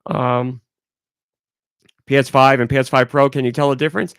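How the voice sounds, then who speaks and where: Gravelly congested male podcast host. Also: mid-range voice, level tone, moderate pace, a bit bright, dry recording, clean studio sound. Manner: rambling, candid, talks through it. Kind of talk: casual solo podcast talk.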